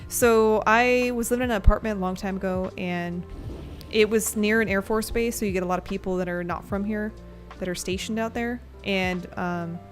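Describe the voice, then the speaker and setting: A woman of middle pitch chats loosely over her gameplay, drifting into long stories and breaking into laughter often. She swears casually, and quiet music runs behind her. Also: steady tone, moderate pace. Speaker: streamer. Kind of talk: casual gameplay commentary and storytelling.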